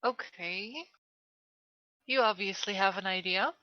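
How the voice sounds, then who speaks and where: A woman playing in a tabletop game, practical and measured, over dull lo-fi call audio. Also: medium pitch, no echo. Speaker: player.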